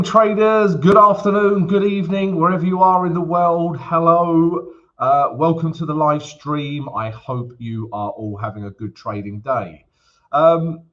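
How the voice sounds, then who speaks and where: Male stream host, casual and jokey, mid-pitched, slightly muffled lo-fi audio. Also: fairly bright tone. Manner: chatty, jokey, greets viewers by name. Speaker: forex trading livestream host. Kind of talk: casual livestream chat.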